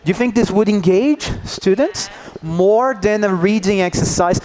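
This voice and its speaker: A man's voice: sits high, measured pace, darkish tone. A man leading a teacher workshop, coaxing the audience and checking in with "yeah?" after nearly every point. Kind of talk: interactive workshop talk.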